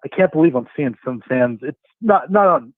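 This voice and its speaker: A man's voice: on the high side, expressive, normal speed, no room sound. A man calling in to a sports talk show, chatty and laughing, with lots of fillers. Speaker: caller. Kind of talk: phone-in chat. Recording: tinny phone line.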